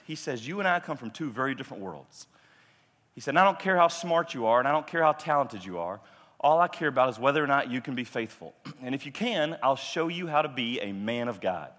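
A man preaches in a relaxed, conversational way, mixing humor into a personal story and voicing the people in it. His voice sits at an ordinary middle pitch. It rings with the long reverb of a large hall. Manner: conversational, self-deprecating, with fillers and quoted dialogue. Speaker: pastor. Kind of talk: sermon storytelling.

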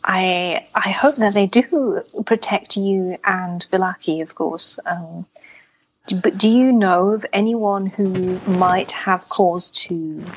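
A woman playing her character in a tabletop game, speaking calmly and in a measured way. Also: lowish voice, slightly rough, rough recording. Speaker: player.

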